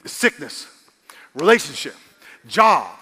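A man preaching a sermon as a pastor, animated and calling for amens, his voice rising to excited shouts. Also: fairly high pitch, takes it slowly, husky. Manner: calls for amens from the congregation. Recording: long hall reverb.

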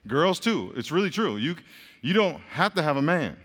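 A man preaching a sermon to a crowd in a lively, joking way, speaking straight to them. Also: a little high, moderate pace. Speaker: pastor. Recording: long hall reverb.

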